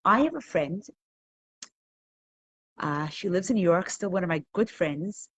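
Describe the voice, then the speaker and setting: A middle-aged woman teaching a live online Torah class, telling stories with animated laughter. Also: on the low side, unhurried, slightly rough.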